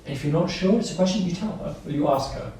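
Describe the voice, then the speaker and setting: A man's voice: a little high, quick pace, dark tone, a little hiss or hum. A man training nursery staff, explaining things simply and repeating points with everyday examples. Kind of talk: training lecture. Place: training room. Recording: echoey room from far off.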